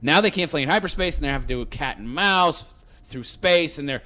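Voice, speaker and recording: A man's voice: fairly high pitch, animated, fairly quick, sharp tone. A man giving a sarcastic, rambling movie rant, full of fillers and restarts. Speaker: film reviewer.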